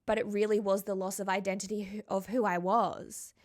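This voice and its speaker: A spiritual coach with a level, mid-range voice tells the camera a personal story. She's reflective, heartfelt and conversational, slowing down on the emotional words.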